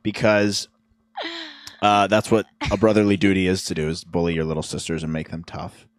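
Low-voiced man ranting on a podcast. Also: little pitch movement, normal speed, dry recording. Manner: opinionated, rambling rants with playful jabs. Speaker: podcast co-host. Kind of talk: casual chat.

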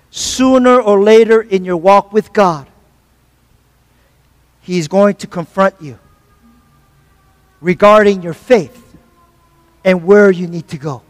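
High-voiced man preaching in a church. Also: measured pace, long pauses, big-room sound. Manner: preaching with call-and-response asides; repeats phrases for emphasis, some stumbles. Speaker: pastor. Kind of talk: sermon.

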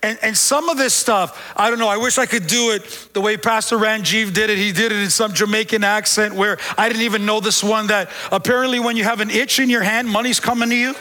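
High, bright-voiced joking male pastor. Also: fairly quick, few pauses, in a large hall. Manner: joking, animated preaching with street slang. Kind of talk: sermon. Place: church.

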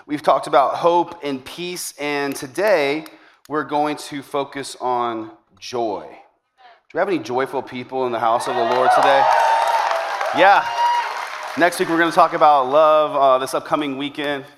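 A male pastor delivers a sermon to his congregation. His voice sits a little higher than most men's. He keeps the tone chatty and upbeat and slips in jokes as he goes. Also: steady tone, unhurried, a crowd in the background, background noise. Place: church service before a congregation.

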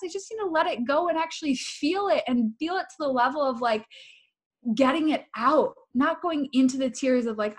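A woman's voice: sits high, moderate pace. A woman talking candidly and emphatically in a casual spiritual chat, repeating phrases for effect.

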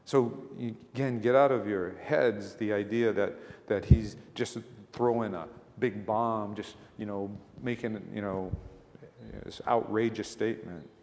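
A man's voice: fairly low pitch, fairly even intonation, unhurried, darkish tone, in a large hall. A male pastor giving a conversational sermon, asking rhetorical questions and pressing his points with emphasis.

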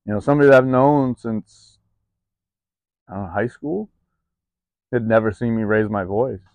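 A man with a low, gravelly voice talks in a loose, confessional vlog, full of ums and restarts. The sound is close and dry, recorded outdoors in the cold. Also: moderate pace, darkish tone, no echo. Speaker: vlogger. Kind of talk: candid personal vlog.

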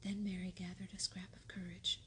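A woman reading a story aloud in a soft, unvoiced whisper, as whispered role-play. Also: on the low side, level tone, moderate pace, a little hiss or hum. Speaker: audiobook reader.

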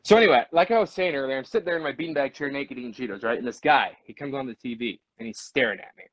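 A man's voice: medium pitch, fast talker, dry recording, dull audio. A man co-hosting a casual live stream, chatting in a goofy, rambling, playful way. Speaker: podcast co-host.

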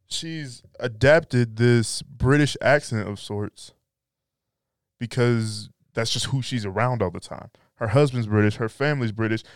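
A man's voice: mid-range voice, clean tone, dry recording, studio quality. A young man hosting a podcast, chatting casually and joking in a laid-back way. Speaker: podcast host. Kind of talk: casual chat.

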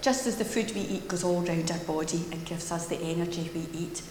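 A woman's voice: fairly low pitch, fairly quick, darkish tone. Woman, minister, children's talk, playful, echoey church with long reverb, faint background noise.

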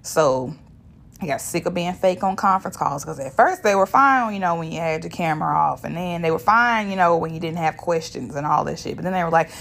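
A woman's voice: fairly low pitch, moderate pace, creaky, fairly bright tone. A woman, hosting a podcast as a blunt, profane solo monologue. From Shreveport, Louisiana, US. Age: 30s. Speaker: podcast host.

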